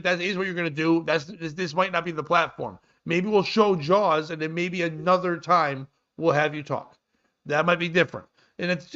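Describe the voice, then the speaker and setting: Man, podcast host, rambling profane rant, bright edgy voice, slightly high, dull lo-fi sound. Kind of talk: casual comedic chat.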